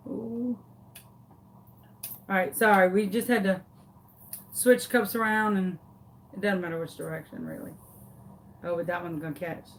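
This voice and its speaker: A woman, hosting a craft tutorial and telling a story to her viewers in a dramatic, animated, casual way. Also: medium pitch, slow, long pauses, slight background noise.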